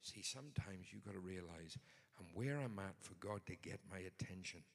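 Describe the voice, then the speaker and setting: A man's voice: low voice, moderate pace, gravelly, long reverb tail. A man preaching a sermon in a conversational but emphatic way. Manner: conversational, emphatic, builds to forceful points.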